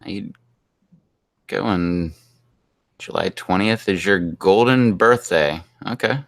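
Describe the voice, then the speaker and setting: A man's voice: low-pitched, takes it slowly, creaky. A man from Pittsburgh with a Pittsburgh accent, hosting a live stream in casual, chatty talk and laughing often. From Pittsburgh, US East Coast. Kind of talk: casual chat.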